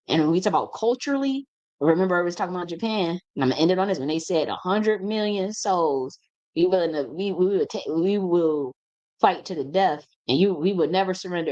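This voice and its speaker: A woman's voice: lowish voice, a little mellow, dull audio. A woman speaking as a spiritual teacher in an impassioned monologue, blunt and profane, repeating phrases for emphasis.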